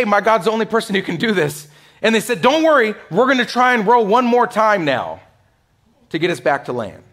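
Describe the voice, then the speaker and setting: A male pastor delivering a sermon in a conversational way, swinging from loud, emphatic lines to hushed ones and acting out the voices he quotes. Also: fairly high pitch. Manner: conversational, many "like" asides and laughs. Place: church sanctuary.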